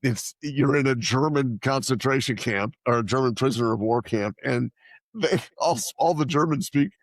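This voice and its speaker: A man co-hosting a podcast in casual chat, animated and quick to laugh. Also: mid-range voice, no room sound. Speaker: podcast co-host.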